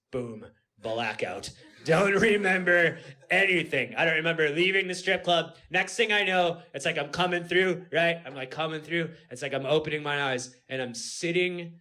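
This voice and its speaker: A male stand-up comedian telling a rambling story on a comedy club stage, dropping low and quiet before building up to shouting. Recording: live club recording with audience noise.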